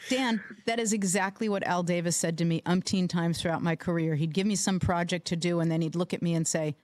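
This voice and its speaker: A woman co-hosting a casual podcast, talking in an emphatic, animated way. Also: lowish voice, fairly quick, dry recording. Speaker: co-host.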